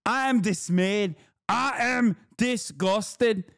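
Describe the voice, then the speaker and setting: A man's voice: high-pitched, takes it slowly, gravelly, a bit bright, no room sound, studio quality, pitched above the performer's own voice, heavily acted. Man mocking a pompous outraged commentator. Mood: pompous outrage. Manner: exaggerated, theatrical, melodramatic reading. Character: pompous indignant male commentator, mock foreign accent.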